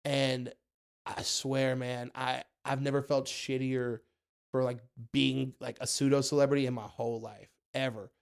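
A young man telling stories in a casual podcast chat, acting out quotes in a high voice. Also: unhurried, vocal fry, smooth. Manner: animated storyteller, acts out quotes in a high voice. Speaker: guest, food content creator.

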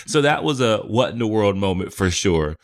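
A man in a relaxed podcast chat speaks with a fairly low voice. He stops and restarts his sentences. He laughs easily between words. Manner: halting, laughs often, restarts. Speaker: podcast co-host. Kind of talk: casual chat.

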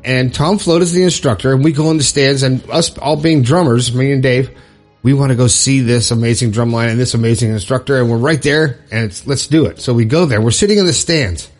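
Middle-aged guy from florida telling a story on his podcast, heartfelt and halting, soft music under. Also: mid-range voice. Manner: heartfelt, halting, with restarts and pauses. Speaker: podcast host. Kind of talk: emotional personal storytelling.

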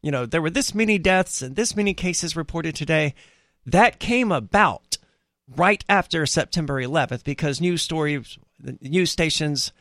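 A man's voice: on the high side, lively intonation, moderate pace, a bit bright, no echo, clean studio sound. A man hosting a casual talk radio chat, reflective and explaining at length.

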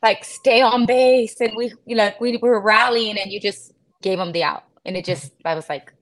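A woman co-hosting a casual sports podcast, telling stories animatedly and acting out her own shouts. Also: mid-range voice, normal speed. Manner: animated storytelling, acts out shouting. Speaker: podcast co-host.

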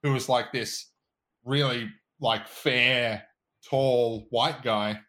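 A man's voice: medium pitch, steady tone, extremely slow, bright, forceful tone. A man co-hosting a casual podcast, ranting in a fired-up way and swearing freely. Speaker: podcast co-host.

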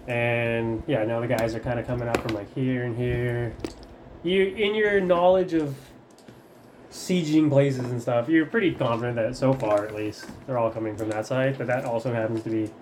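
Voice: mid-range voice, moderate pace, background noise. A rambling game master. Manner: casual, rambling narration with many fillers. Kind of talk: narrating a tabletop game.

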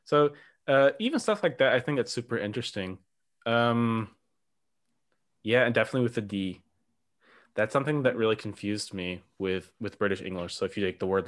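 A man hosting a podcast interview. He talks in a relaxed, curious way and often says "um.". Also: lowish voice, a little fast. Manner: relaxed and curious, with "um" and light laughs. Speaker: podcast host. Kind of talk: casual interview chat.

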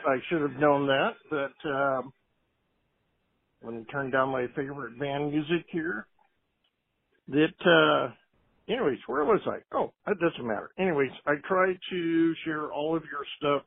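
Man, caller, rambling phone message, husky voice, tinny line. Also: a little high. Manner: chatty and long-winded.

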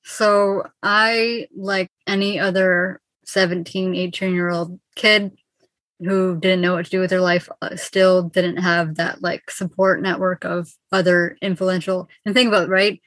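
A woman in her twenties from Ontario, speaking calmly and soothingly as an interview guest on a video call. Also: lowish voice, no room sound. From Ontario, Canada. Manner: calm, soothing, measured. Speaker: guest, mindset coach.

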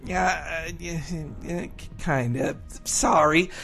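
A woman co-hosting a casual podcast, animated and playful as she sets up a comedy bit. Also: low-pitched, slow, vocal fry, soft background music. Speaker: podcast co-host. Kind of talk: casual chat and sketch setup.

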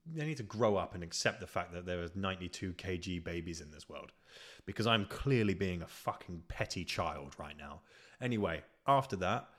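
A man's voice: deep voice, expressive, normal speed, fairly bright tone. A man with a British accent, hosting a podcast and delivering a sweary, exasperated, self-mocking comedic rant. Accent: British English. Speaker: podcast host. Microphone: podcast microphone.

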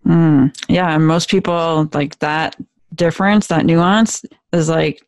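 A woman hosting an interview, affirming and encouraging her guest. Her voice has a gravelly fry to it, recorded dry and close. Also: low-pitched, steady tone, slow pace, a little mellow, no echo. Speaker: host. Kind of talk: interview conversation.

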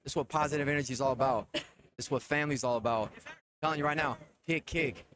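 A man's voice: medium pitch, fast talker, fairly bright tone. A man, a streamer and father, talking as a guest in a casual live-stream chat at a gaming convention, cheering others on. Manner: hype-man energy, keeps cheering others on.

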